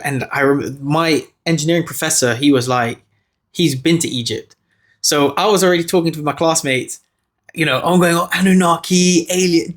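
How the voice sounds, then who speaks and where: A man co-hosting a podcast, telling a story in animated casual chat and acting out the people he quotes. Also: medium pitch. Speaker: podcast co-host.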